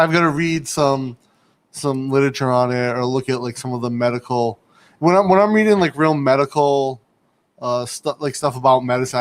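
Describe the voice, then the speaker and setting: A man's voice: mid-range voice, smooth. A man casually chatting as host of a livestream from a home studio and reading viewer comments aloud. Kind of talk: casual chat.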